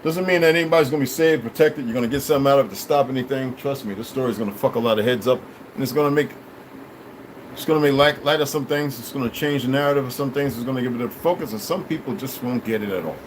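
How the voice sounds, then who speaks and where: A man's voice: medium pitch, quick pace, slight background noise, rough recording. A man hosting a livestream, talking to his viewers in a blunt, profane, preachy way. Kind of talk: rambling casual livestream chat.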